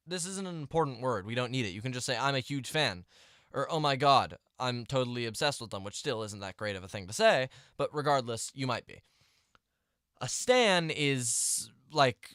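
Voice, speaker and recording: A man's voice: mid-range voice, fairly bright tone, no echo, clean studio sound. A young man ranting to camera in a vlog, exasperated and rambling, with restarts and mumbled asides. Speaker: vlogger.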